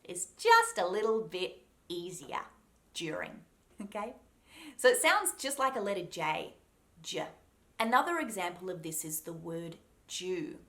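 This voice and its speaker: A woman with an Australian accent teaching a pronunciation lesson, speaking deliberately and repeating each sound to demonstrate it. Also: fairly low pitch, sing-song, sharp tone. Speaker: accent coach.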